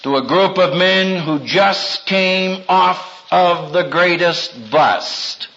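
Male preacher, high and bright, slow and dramatic, on a dull lo-fi recording. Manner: dramatic, acts out quotes with big pitch swings. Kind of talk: sermon.

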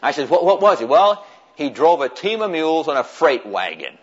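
Older man telling an animated story, lo-fi. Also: a little high, normal speed, slight background noise. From United States. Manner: animated, chuckling storyteller who acts out quoted voices. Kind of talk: personal storytelling to an audience.

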